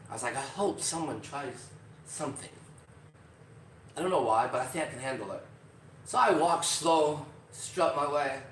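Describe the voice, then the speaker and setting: A man hosting a podcast, telling a story in a casual, profane and animated way, acting out other people's lines. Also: medium pitch, slight background noise. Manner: profane, animated, acts out quotes. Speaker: podcast host. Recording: roomy, distant from mic.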